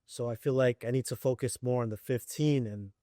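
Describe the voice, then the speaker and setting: A man in a trading class, thinking out loud as he reviews his own trade. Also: medium pitch, brisk, no echo, studio quality. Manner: reflective, talks through his own trade. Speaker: trading student.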